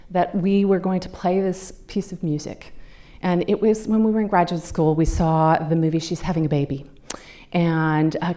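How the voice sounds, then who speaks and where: A woman in her fifties with a slightly low voice gives a talk to a club. She tells her own story in a conversational way and acts out the voices of the people she quotes. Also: dark tone. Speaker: guest speaker. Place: club meeting room.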